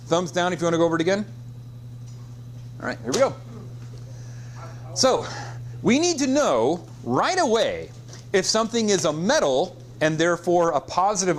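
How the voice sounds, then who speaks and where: A middle-aged man teaching chemistry to a class, joking and quizzing the students in a classroom. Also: a little high. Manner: lively, joking, quizzes the class with call-and-response. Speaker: high school chemistry teacher. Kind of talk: classroom lecture.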